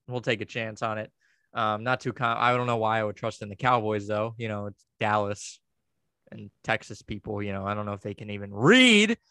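A man's voice: medium pitch, bright, forceful tone, clear, resonant tone, no room sound. A man co-hosting a podcast in casual banter, ranting and joking with a lot of swearing. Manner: crude, joking rants with frequent swearing. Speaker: podcast co-host.

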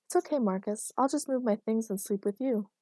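A woman's voice: a little high, fairly quick, mellow, no room sound, clean studio sound, pitched above the performer's own voice, lightly acted. A woman voicing a blunt, literal-minded young woman who asks frank, curious questions.

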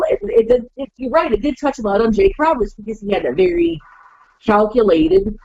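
A woman's voice: fairly high pitch, brisk, husky, no echo, muffled recording, soft background music. A woman wrestler calling in to a podcast, chatting casually and acting out quotes in playful voices. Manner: animated, acts out quotes in funny voices. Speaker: wrestler guest. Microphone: call-in line.

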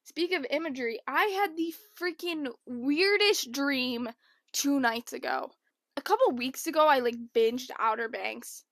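A young woman vlogger telling a rambling, animated storytime in casual chat. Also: high-pitched, a little slow, no echo, studio quality. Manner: chatty, rambling, animated impressions.

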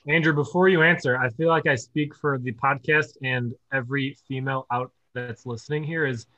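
Bright-voiced joking podcast co-host man. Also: mid-range voice, fairly even intonation, no room sound, lo-fi sound. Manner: joking, quick asides. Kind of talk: casual football podcast chat.

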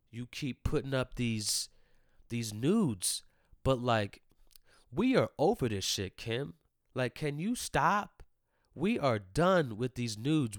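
A man ranting casually and comedically to his listeners, profane and animated, swinging between loud outbursts and low mumbled asides. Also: no room sound, clean studio sound.

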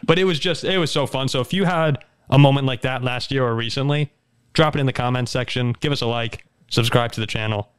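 A man's voice: mid-range voice, fairly quick, smooth. Upbeat man hosting a sports podcast. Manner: upbeat, steers the show and asks for likes and comments. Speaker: podcast host. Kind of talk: casual sports talk.

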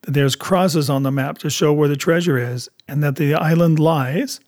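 A man's voice: on the high side, steady tone, normal speed, darkish tone, close to an everyday voice. A man reading as a stern, blunt sea captain. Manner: firm, clipped and direct. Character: blunt stern male ship captain, plain-spoken. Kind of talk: audiobook character reading.

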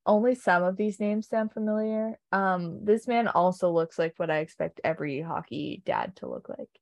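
A woman's voice: fairly low pitch, sing-song, normal speed, vocal fry, dry recording. A young woman co-hosting a casual chat, opinionated and joking, with lots of ums. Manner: chatty, opinionated, frequent ums and laughs.

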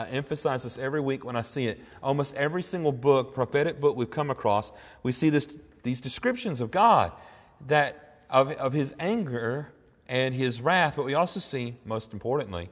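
A middle-aged man preaching a sermon. He talks earnestly, climbs to emphatic high points and then drops to quiet reflection. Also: long reverb tail. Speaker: pastor.

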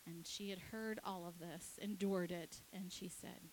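A woman pastor preaching, telling a story with lively acted-out dialogue. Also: fairly low pitch, slight background noise, poor audio. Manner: animated, acts out her kids and herself in quick dialogue. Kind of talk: sermon storytelling.

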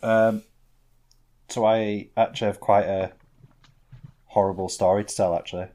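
A man's voice: fairly low pitch, level tone, normal speed, mellow. A man, co-hosting a podcast and telling stories with laid-back, dry humour. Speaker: podcast co-host. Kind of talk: casual banter.

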